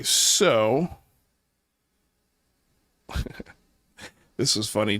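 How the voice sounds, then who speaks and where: A man's voice: fairly low pitch, a bit bright, no room sound. Sarcastic man, dry close mic. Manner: sarcastic, casual, profane. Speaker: host of a skeptical online commentary show. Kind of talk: casual commentary.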